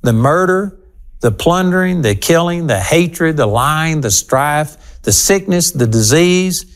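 A man's voice: on the high side, lively intonation, slow pace. A man teaching the Bible on his broadcast program. He talks straight to his listeners, and his voice leaps up on key points. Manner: emphatic, talking straight to listeners.

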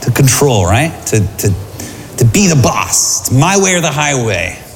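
A man preaching a sermon to a congregation, lively and conversational, often asking them questions. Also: mid-range voice, a little slow, creaky, a little hiss or hum. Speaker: pastor. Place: large church hall. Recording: hall reverb, faint room ambience.

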